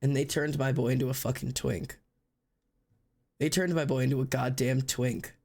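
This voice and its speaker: A woman's voice: extremely low pitch, fairly even intonation, moderate pace, a little mellow. A woman streamer chatting casually, ranting and swearing, with dramatic wails of mock despair. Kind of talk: casual live-stream chat.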